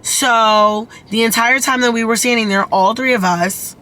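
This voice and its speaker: A woman's voice: fairly high pitch, moderate pace, pushed and bright. A young woman vlogging casually into her phone camera, chatty and blunt, swearing freely. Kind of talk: casual vlog talk to camera.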